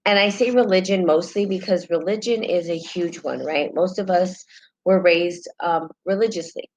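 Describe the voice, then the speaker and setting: Host, female, New Mexican accent, deep register, chatty live-stream talk that breaks off to greet viewers. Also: normal speed, darkish tone, low-quality recording. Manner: chatty, greets viewers mid-sentence, many ums. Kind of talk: casual live-stream talk and reading aloud.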